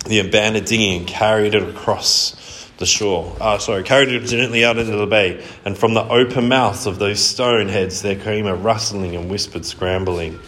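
A man reading a children's storybook aloud, expressive and lively with his delivery. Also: on the low side. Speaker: audiobook reader. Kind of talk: storybook narration. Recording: roomy echo, faint noise.

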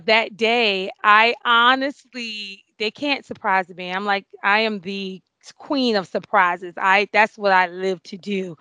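A woman in her forties, a nurse being interviewed, telling an emotional story with many fillers and excited outbursts. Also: medium pitch, clean tone, no echo. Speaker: award-winning nurse guest.

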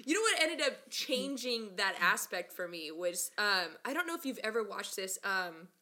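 Speaking at medium pitch and a moderate pace, a young woman recounts a story in relaxed chat. She's lively, laughs a lot, and performs the other people's lines.

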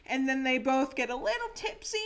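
A woman co-hosting a podcast in casual chat, playful and quick to laugh as she makes up a silly story. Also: high-pitched, big pitch swings, fairly bright tone. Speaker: podcast co-host.

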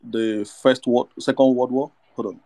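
A man in a casual podcast chat, speaking haltingly with repeated words and non-native phrasing. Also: medium pitch, flat delivery, warm tone, dry recording.

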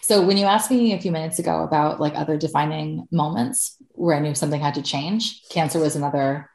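A woman's voice: low-pitched, a little fast, vocal fry, a little mellow, reverberant. A woman in her thirties, a podcast guest, telling her own story candidly, swearing freely and laughing often.

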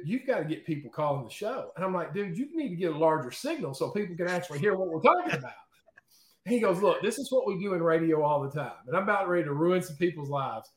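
A man guest in an interview, telling stories in a lively, chatty way and often checking in with "okay?" and "right?". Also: high-pitched, roomy sound. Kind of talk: casual storytelling in an interview.

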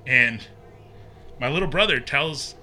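A young man casually telling a ghost story, animated and acting out the quotes. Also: measured pace, slight background noise. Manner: animated, acts out quotes with pitch jumps.

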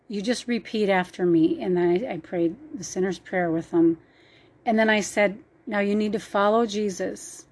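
A woman's voice: mid-range voice, a little mellow. A woman telling a personal faith story in an earnest, emotional way. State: choked up at times.

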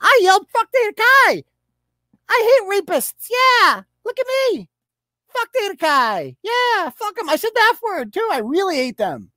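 A man's voice: extremely high pitch, very animated, a little slow, pushed and bright, dry recording, studio quality, voice pushed up, heavily acted. A man putting on the voice of a self-righteous young female protester in a whiny, attention-seeking parody. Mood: mocking whiny.

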